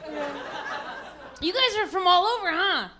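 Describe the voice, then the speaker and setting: A woman's voice: very high-pitched, lively intonation, measured pace, background noise. A woman from Texas with a Texan accent doing a stand-up comedy set, brashly teasing the crowd. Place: event hall with a crowd.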